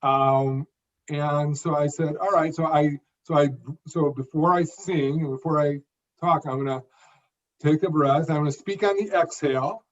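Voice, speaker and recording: A man around sixty talks as a guest in an interview, his voice sitting a bit high for a man. He speaks in clear emphatic phrases, sometimes repeating a word as he restarts. The audio is dull and lo-fi. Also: steady tone, a little slow. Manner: phrased, emphatic delivery with occasional repeated words. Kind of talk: conversational interview.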